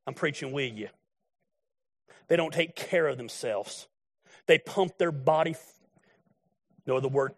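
A middle-aged man preaching a sermon in a blunt, folksy, storytelling way. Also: medium pitch. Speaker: pastor.

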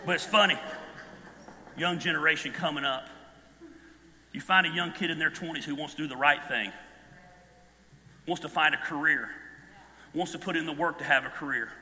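A fifty-something man preaches with lively, storytelling energy, breaking into shouts as he builds. His voice sits high and very bright. It rings out with a long hall reverb. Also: moderate pace, long pauses. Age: 50s. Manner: animated storytelling, bursts into shouts. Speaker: pastor. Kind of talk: sermon.

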